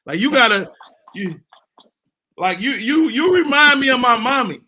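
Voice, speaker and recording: Male talk host, high bright voice, loose rambling banter. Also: expressive, moderate pace. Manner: loose, rambling, joking asides. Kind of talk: casual chat.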